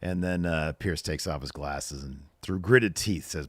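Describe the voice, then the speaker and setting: A man's voice: a bass voice, a little slow, few pauses, no room sound, studio quality. A man co-hosting a podcast, casually recapping a wrestling show and quoting lines with a raised voice. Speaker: podcast co-host.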